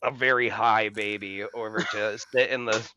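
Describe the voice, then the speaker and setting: A podcast co-host laughs his way through rambling, profane stories in casual chat. His voice is on the low side, steady and sharp-toned at a moderate pace, with slight background noise.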